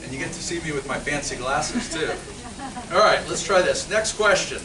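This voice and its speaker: A man's voice: on the high side, animated, moderate pace, a crowd in the background. Chatty man in an echoey room. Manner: joking, self-deprecating, chatty with the audience. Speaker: legal counsel speaking at a luncheon. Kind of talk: live talk with audience questions. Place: luncheon function room. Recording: roomy, distant mic, background noise.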